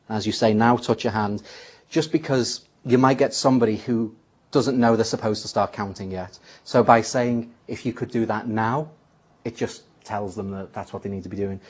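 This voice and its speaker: A man's voice: fairly low pitch, normal speed. A man teaching a magic trick step by step, acting out the lines he says to a volunteer. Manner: explains step by step, acts out his patter lines. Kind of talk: spoken tutorial.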